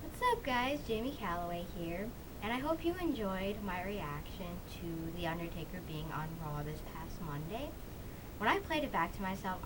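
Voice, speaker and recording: A woman vlogging casually, squealing and breathless with excitement, shaking and tearful, then chatting in a rambling way. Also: lowish voice, background noise. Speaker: wrestling vlogger. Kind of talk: casual vlog talk.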